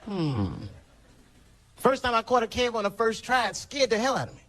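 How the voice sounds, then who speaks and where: A man's voice: very high-pitched, steady tone, quick pace, a bit bright. A man from the United States doing a stand-up routine, telling stories in a loose way with punchy, profane asides. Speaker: stand-up comedian. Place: stage before a laughing audience. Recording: noisy live show recording.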